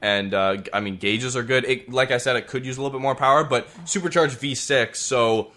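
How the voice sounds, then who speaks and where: A man's voice: medium pitch, fairly quick, sharp tone. A man in a casual car podcast chat, patiently explaining engines and driving feel in technical detail. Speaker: car reviewer.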